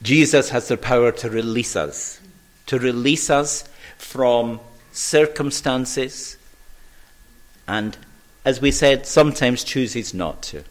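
Slow, earnest male preacher. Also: medium pitch. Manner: earnest, measured, reads scripture aloud. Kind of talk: sermon. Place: church service.

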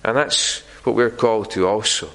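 A man preaching a sermon in a church, earnest and deliberate, pausing often on fillers. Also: fairly low pitch, a bit bright, big-room sound, rough recording.

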